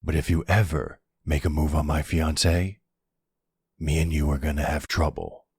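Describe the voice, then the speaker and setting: A man voicing a protective middle-aged mafia boss in an ASMR boyfriend role-play, firm and deliberate. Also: fairly even intonation, darkish tone, a little hiss or hum. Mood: stern. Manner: firm, warning, slow and low.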